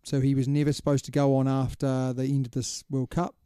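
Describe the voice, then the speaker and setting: A man co-hosting a podcast in easygoing, opinionated chat. He keeps tossing in "mate". His voice is dark and mellow at a middling pitch, and the sound is close and dry with no room around it. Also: flat delivery, brisk, clean tone, dry recording. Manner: chatty and opinionated, drops "mate" often. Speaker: podcast co-host. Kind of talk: casual chat.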